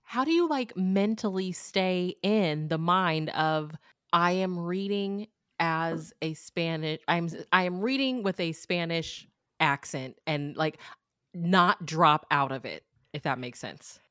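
Smooth-voiced woman podcast host. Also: fairly low pitch, slow, fairly bright tone, no echo, clean studio sound. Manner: casual, questioning with likes and restarts. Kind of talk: interview questions.

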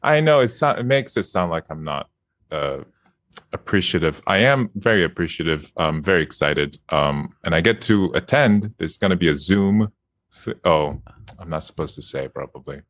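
A deep-voiced man talking in a casual interview, often laughing at himself and trailing off into fillers. His voice sits low and the sound is dry and close, with no room around it. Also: animated, normal speed, fairly bright tone, no echo. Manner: laughing, self-deprecating, hesitant with many fillers. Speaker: guest voice actor.

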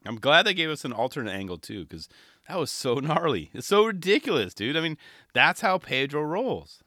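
A man in his thirties rambling through a casual solo podcast with real enthusiasm. His voice is bright and swings widely in pitch, and the recording is dry and close. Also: big pitch swings, moderate pace, no echo. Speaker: podcast host.

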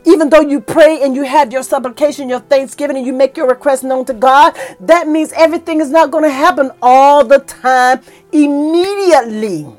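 Fervent high-voiced woman preaching. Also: moderate pace, soft background music. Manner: fervent, emotional, rising to excited peaks. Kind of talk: sermon.

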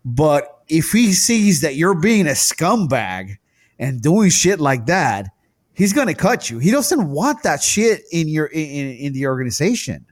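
Man, podcast co-host, casual banter, somewhat high voice, lively swooping pitch, profane, animated. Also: a little slow. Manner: animated, profane, laughing often.

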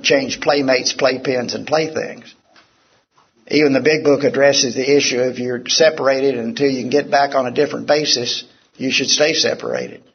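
Man, gravelly voice, candid lecturer to a live room; lo-fi tape, faint hiss. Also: medium pitch. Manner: candid, conversational, acts out quotes. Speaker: physician speaker. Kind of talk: recovery talk to a live audience. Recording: dull lo-fi talk recording with faint hiss.

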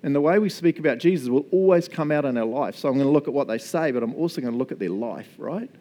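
Lively, mellow-voiced male pastor. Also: mid-range voice, fast. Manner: casual, chatty, laughs often. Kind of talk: sermon.

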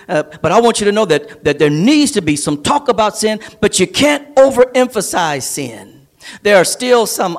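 A man preaching a sermon as a pastor, building emphasis through repeated phrases, in a church service streamed online. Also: high voice. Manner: preaching with rising, emphatic repetition.

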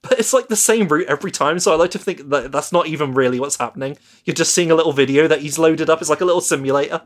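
Musing man with a slightly high voice. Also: fast. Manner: musing, hesitant. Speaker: podcast co-host. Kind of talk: casual chat.

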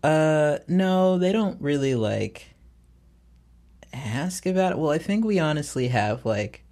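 A man's voice: fairly high pitch, lively intonation, slow, darkish tone. A young man, a musician being interviewed, chatting loosely with frequent laughs and fillers. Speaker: musician guest. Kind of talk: casual interview chat.

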